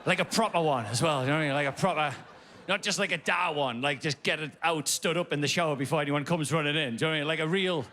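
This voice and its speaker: A man with a Geordie accent performs stand-up comedy on a big theatre stage, speaking into a stage mic. His voice sits a little high for a man. He tells stories full of swearing and sings nursery rhyme lines in a sing-song way. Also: fast, a little hiss or hum. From North East England. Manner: swearing, storytelling, sing-song nursery rhyme bits, rising to shouted punchlines. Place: large theatre stage before a live audience. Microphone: stage microphone.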